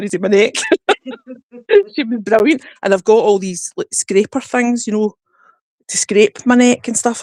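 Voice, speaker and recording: A woman's voice: medium pitch, a little mellow, no room sound. Woman, Glasgow accent, chatty, laughing, rambling stories, dry sound. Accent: Glasgow Scottish. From Scotland. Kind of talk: casual chat.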